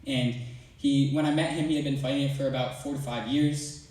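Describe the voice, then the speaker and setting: A man's voice: medium pitch, steady tone, a little fast, darkish tone. A teenage boy speaking to a church youth group, casual and rambling, with lots of fillers. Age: teens. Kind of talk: youth talk with playful retold dialogue. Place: large church hall. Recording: echoey hall, mic from a distance.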